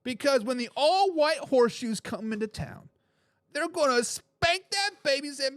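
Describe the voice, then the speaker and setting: A man hosting a casual live sports talk show, reading viewer comments aloud with a joking, animated manner and frequent laughs. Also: very high-pitched, normal speed, no echo, studio quality.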